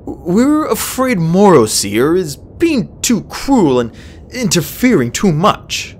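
A woman voicing a thoughtful young male dragon who speaks slowly and hesitantly. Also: fairly low pitch, very animated, darkish tone, a little hiss or hum, pitched above the performer's own voice. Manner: hesitant, slow and careful.

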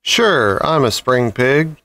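A man voicing a big, hearty, loud male pig who jokes in an overly familiar way, in a storybook reading. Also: medium pitch, sing-song, takes it slowly, dry recording, heavily acted. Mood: hearty joking.

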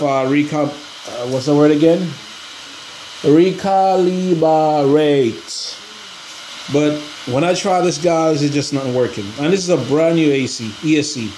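A man's voice: a little high, a little mellow, a little hiss or hum. A frustrated man rambling and restarting as he talks to his viewers about a broken hobby part. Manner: frustrated, rambling, says he is pissed off; hesitant, restarts and fillers, talks to viewers as guys. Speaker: RC hobby vlogger. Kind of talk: casual vlog chat. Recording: echoey room, faint ambience.

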